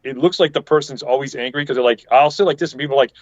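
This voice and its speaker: A man with a mid-range voice talks very fast, recorded dry over dull lo-fi video call audio. He's a podcast panelist in a casual chat, rambling through a story and acting out what other people said.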